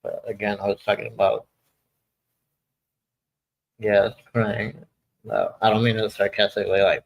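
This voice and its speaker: Gravelly low-voiced man in his sixties. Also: little pitch movement, unhurried, long pauses, low-quality recording. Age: 60s. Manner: rambling, often loses his train of thought. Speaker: livestream host. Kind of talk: casual live chat.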